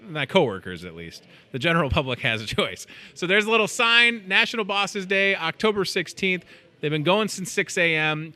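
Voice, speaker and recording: Bright joking male local TV host. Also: fairly high pitch. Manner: joking, self-mocking, chatty. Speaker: store TV show host. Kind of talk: live local TV chat.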